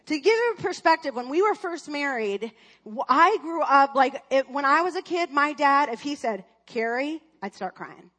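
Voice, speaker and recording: High-voiced woman telling a church story. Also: very animated, normal speed, fairly bright tone. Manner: chatty, rambling with many fillers and restarts. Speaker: speaker at a church. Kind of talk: personal story in a sermon.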